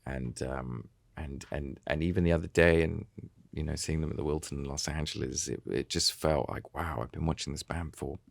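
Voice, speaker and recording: Super low gravelly guy in his 30s on a podcast, dry close sound, lots of ums. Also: normal speed, no room sound. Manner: relaxed, rambling, many fillers and restarts. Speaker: podcast guest, actor. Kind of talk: casual chat.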